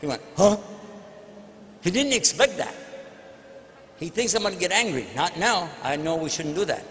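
High-voiced man lecturing in echoey hall. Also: lively intonation, normal speed, fairly bright tone. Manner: anecdotal, emphatic storytelling. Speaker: religious lecturer answering questions. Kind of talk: lecture with audience Q&A. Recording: echoey hall with faint noise.

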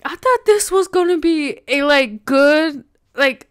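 A woman hosting a reaction video in casual, excitable talk, gasping, repeating herself and slipping into slang. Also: high voice, slow pace, no room sound, clean studio sound. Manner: slangy, says "bro" and "y'all".

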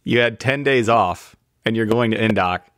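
A man's voice: fairly low pitch, normal speed, a bit bright, dry recording. Podcast host guy, dry close sound, jumps in to recap stuff for listeners. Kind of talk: casual interview chat.

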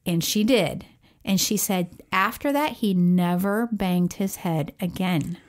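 A woman co-hosting a parenting podcast, telling a personal story in casual chat, animated and laughing often as she talks. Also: lowish voice, slow. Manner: animated storyteller who acts out quoted voices.

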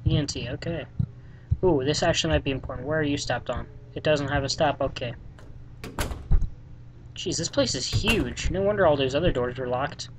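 A let's play gamer talking through a game in casual commentary. The delivery is dry and sarcastic, with plenty of swearing. The voice sits at an ordinary middle pitch. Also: fast talker, background noise. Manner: sarcastic, deadpan, swears often.

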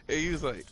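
A man's voice: high-pitched, sharp tone, slight background noise. A young man casually telling a profane story between games, laughing between lines and acting out what people said. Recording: gaming stream with music.

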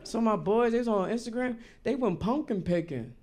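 A man performing a stand-up comedy set on a live stage, talking in a loose, slangy way and acting out characters in quick quotes. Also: high voice, expressive, darkish tone. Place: live venue stage with audience.

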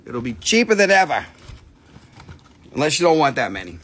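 A man hosting a live crystal sales stream, joking loudly, swearing and rambling between prices. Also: on the high side, sing-song, normal speed. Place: shop or home stream setup.

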